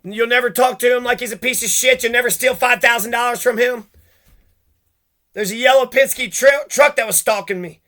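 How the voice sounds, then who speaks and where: A man's voice: very high-pitched, bright, forceful tone. A man delivering a heated, profane rant, cursing and jumping from one grievance to the next.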